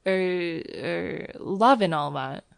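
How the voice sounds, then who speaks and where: A woman's voice: lowish voice, slow pace, gravelly, clean tone, dry recording, studio quality. A woman narrator voicing Clifford, a flustered young man who speaks uneasily and hesitantly.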